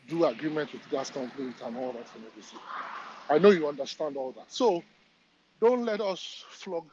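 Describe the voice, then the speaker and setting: A man calling in, slightly out of breath as he works, earnest and matter-of-fact. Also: a little high. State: slightly out of breath while working. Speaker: caller. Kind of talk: casual call-in comment. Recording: dull lo-fi line with faint noise.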